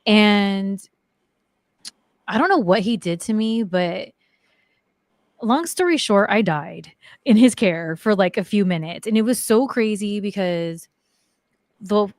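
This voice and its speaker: A woman's voice: medium pitch, expressive, measured pace, no echo. Chatty woman, dry studio voice. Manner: chatty, many "like" fillers. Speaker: guest. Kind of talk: casual storytelling interview.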